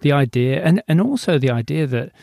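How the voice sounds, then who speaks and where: Gravelly man hosting a podcast, dry sound. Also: on the high side, animated, fairly quick, warm tone, dry recording. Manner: supportive, searching for words with many fillers and false starts. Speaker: podcast host. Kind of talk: conversational interview.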